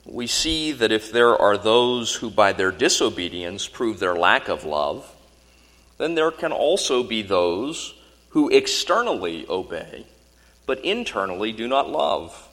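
Earnest preacher guy, bright forceful voice, lots of hall echo, keeps asking questions. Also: on the low side, very animated, measured pace. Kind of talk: sermon. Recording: long hall reverb.

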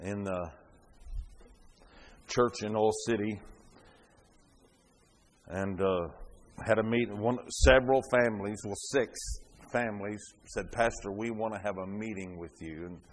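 A man pastor preaching a sermon, swelling to loud fervent peaks and dropping back quiet. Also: on the low side, fairly even intonation, measured pace, pauses often, slight background noise.

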